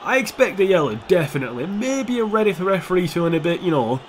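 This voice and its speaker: A man's voice: high-pitched, very animated, fast, slight background noise. Sweary young man commenting a game. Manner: sweary, sarcastic, talks to the players on screen. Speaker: gaming YouTuber. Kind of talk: casual gameplay commentary.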